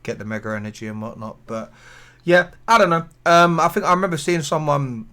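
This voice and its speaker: A man's voice: a little high, fairly quick, sharp tone. A man co-hosting a podcast, chatting in a rambling, sweary way. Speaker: podcast co-host. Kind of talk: casual chat.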